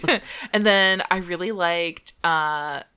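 A woman's voice: fairly low pitch, slow pace, clean tone. A woman co-hosting a podcast in casual, giggly chat. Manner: giggly, animated, gushing. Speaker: podcast co-host.

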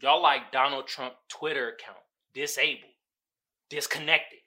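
Male podcast host, profane and animated, bright edgy voice. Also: medium pitch, a little slow. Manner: animated, profane, mimics people in quoted voices. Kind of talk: casual commentary monologue.

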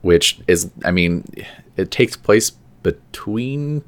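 Deep-voiced man reading off a list. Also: animated, takes it slowly. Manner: reads ratings off a list with dry asides and filler uhs. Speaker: podcast co-host. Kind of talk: casual chat.

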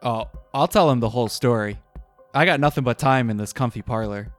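A man at a tabletop role-playing game, chatting casually and eagerly about his character. His voice sits at a middle pitch with faint music behind. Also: brisk. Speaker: player.

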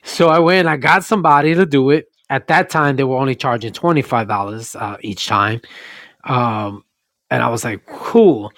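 A man chatting casually and telling animated stories, acting out the people he quotes. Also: moderate pace, no echo. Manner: animated storyteller, acts out quotes with raised pitch. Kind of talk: casual chat.

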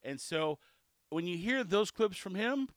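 A man hosting a casual solo podcast, chatty and cheeky, telling stories in an animated way. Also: high voice, measured pace, no echo, studio quality. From South Texas. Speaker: podcast host.

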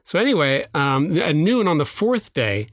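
A man's voice: a little high, very animated, moderate pace, fairly bright tone, no room sound, studio quality. A man co-hosting a podcast, retelling a folktale in a rambling, casual way with lots of restarts. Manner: rambling, with restarts, filler and laughs. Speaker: podcast co-host. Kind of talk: casual chat, storytelling.

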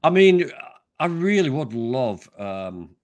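A man from the North of England chatting casually, pausing often with ums while he searches for things. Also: mid-range voice, sing-song, darkish tone, no echo. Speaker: vegan actor and activist host. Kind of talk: casual chat.

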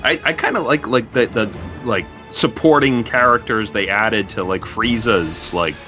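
A man co-hosting a podcast, talking through a film in an animated, casual way with lots of filler words. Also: on the low side, a little slow, faint music behind. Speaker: podcast co-host.

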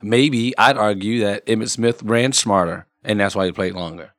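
A man's voice: fairly low pitch, normal speed, a bit bright, dry recording. A man in a casual sports debate, stubborn and teasing, with loose slangy talk.

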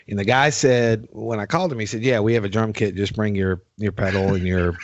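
A man's voice: fairly low pitch, a little fast, no echo. A man hosting a podcast in casual chat, telling stories in a laid-back way and swearing casually. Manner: laid-back, swears casually, animated when quoting others. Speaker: podcast host and drummer. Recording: dry, slightly dull sound.

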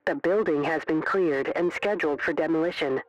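A reader voicing a cold automated male broadcast heard over a broken radio transmission, delivered as a flat announcement. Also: deep voice, moderate pace, no room sound. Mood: announcing. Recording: muffled distant radio.

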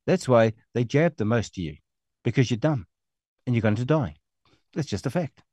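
A man's voice: mid-range voice, animated, normal speed, a little mellow, dry recording. A middle-aged man with a New Zealand accent hosts an online show, ranting angrily and scornfully with a lot of swearing. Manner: angry, scornful, profane ranting. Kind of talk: ranting monologue.

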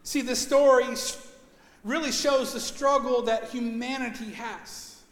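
Brief: man, pastor, very high voice, animated storyteller, church hall reverb. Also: unhurried. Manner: animated storytelling, rising to loud emphasis. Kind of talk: sermon. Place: church sanctuary.

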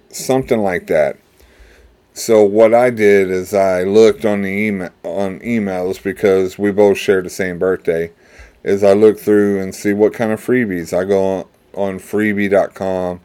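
A man's voice: on the low side, a little mellow, smooth. A middle-aged man hosting his own show, talking in a rambling, digressive monologue with wry complaints as a father. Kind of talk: casual monologue.

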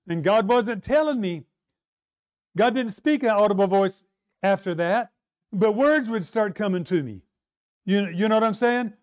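A man preaching, telling a personal testimony in an earnest storytelling way and speaking straight to his congregation. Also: sits high. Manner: earnest storytelling, addresses audience directly. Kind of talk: sermon testimony.

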